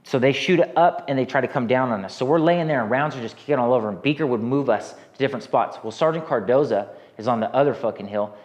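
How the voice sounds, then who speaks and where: A man's voice: medium pitch, fast talker, hardly any pauses, a little mellow. American guy in his 30s, swears a lot, rambles and restarts, kinda dull lo-fi audio. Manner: rambling, profane, restarts often. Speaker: guest, army veteran. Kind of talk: casual storytelling, profane war story.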